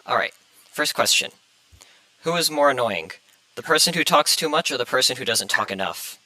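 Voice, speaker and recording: A man's voice: medium pitch, animated, normal speed, bright, forceful tone, no room sound, poor audio. A young man hosting a casual student podcast, hesitant and full of fillers, a little flustered. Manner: hesitant, many fillers, flustered by tech trouble. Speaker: podcast host.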